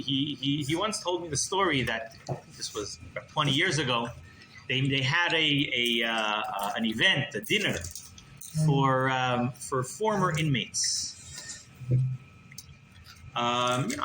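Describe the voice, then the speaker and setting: A male rabbi telling a story in a sermon, animated, with many restarts and repeated words. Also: medium pitch, unhurried. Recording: roomy room with background noise.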